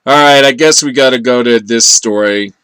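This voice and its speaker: A man's voice: mid-range voice, normal speed, fairly bright tone, clean tone, dry recording. A man hosting a casual political commentary show, enthusiastic, stumbling over restarts. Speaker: show host.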